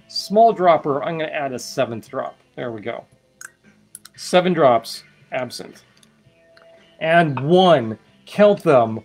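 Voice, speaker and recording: A man hosting a casual live stream, chatting and explaining while he mixes cocktails, with wry asides. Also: a little high. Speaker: host mixing cocktails.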